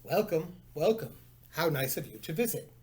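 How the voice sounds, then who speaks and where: A man voicing a kind, simple old hermit in a storybook reading, speaking warmly and wistfully. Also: a little high, animated, moderate pace, close to an everyday voice. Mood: welcoming.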